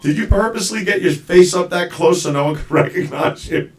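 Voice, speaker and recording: A man hosting a live video-call show, talking in a casual, halting way with lots of fillers and restarts. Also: high voice. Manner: rambling, halting, with many fillers. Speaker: show host. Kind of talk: casual live-stream chat.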